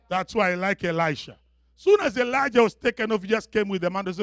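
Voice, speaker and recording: A man's voice: high-pitched, normal speed, no room sound. A male preacher delivering a dramatic sermon, acting out scenes and calling to the congregation for response.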